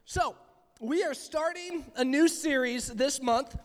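A man with a notably high voice delivers a relaxed youth sermon, full of jokes and rambling asides to his audience. The hall around him rings with long reverb. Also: slow pace. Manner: chatty, joking, rambling asides. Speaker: youth pastor. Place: church hall with live audience.

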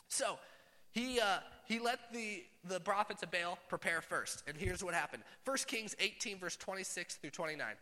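Bright-voiced preacher in a reverberant hall. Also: male voice, sits high, moderate pace. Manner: animated, swings from loud bursts to hushed asides. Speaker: pastor. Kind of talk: sermon. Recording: long reverb of a large hall.

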